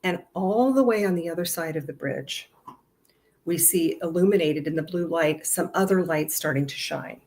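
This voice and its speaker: A woman telling a personal story in a casual, animated vlog, chatting outdoors in her garden. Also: deep voice, normal speed. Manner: animated, chatty, with lots of fillers. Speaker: storyteller vlogger.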